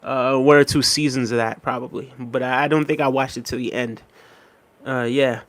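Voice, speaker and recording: In a medium-pitched voice at a moderate pace, a Jamaican live-stream host reads comments from viewers aloud and chats back casually, with frequent "um" and "you know what I mean".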